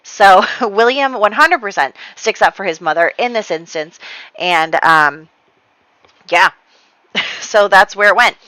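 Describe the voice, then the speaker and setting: A woman's voice: mid-range voice, lively intonation, takes it slowly, bright, forceful tone, dry recording, poor audio. A young woman chattily recapping her life-sim gameplay story, rambling with fillers and restarts. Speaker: let's play host. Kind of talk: casual gameplay recap narration.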